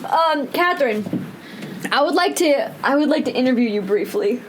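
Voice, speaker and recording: A woman's voice: sits high, expressive, moderate pace, noisy background. A young woman from Southern California co-hosting a podcast in casual, profane, joking chat. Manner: joking, profane, laughs often. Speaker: podcast co-host.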